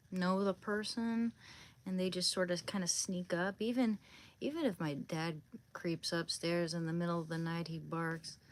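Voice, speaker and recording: A woman livestreaming casually, talking fondly to her dog in a soft, coaxing voice. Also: fairly low pitch, low-quality recording. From Oregon.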